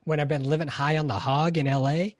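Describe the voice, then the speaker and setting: A man's voice: on the high side, steady tone, brisk, dry recording. Laughing self-mocking podcast guest man. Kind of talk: casual chat.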